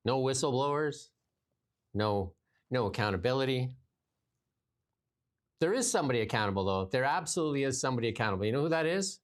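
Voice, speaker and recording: A man's voice: medium pitch, expressive, a little fast, pauses often. A man hosting casual political commentary, reading news items aloud and mocking them sarcastically. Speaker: podcast host.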